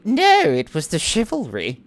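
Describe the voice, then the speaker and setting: A woman voicing a flirtatious aristocratic lady in a tabletop game, with a teasing, drawn-out manner. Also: lowish voice, huge pitch swings.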